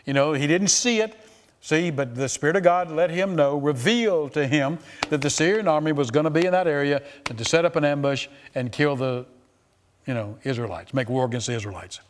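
Reading from scripture a little quickly, this preacher's voice is on the high side. He acts out the voices in the passages with plenty of animation and keeps repeating phrases.

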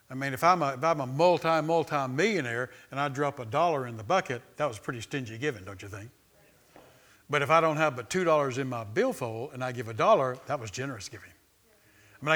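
A male pastor preaching a sermon, calling for amens and often restarting his phrases. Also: fairly high pitch. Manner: preaching with call-and-response, stumbling restarts, swells in loudness.

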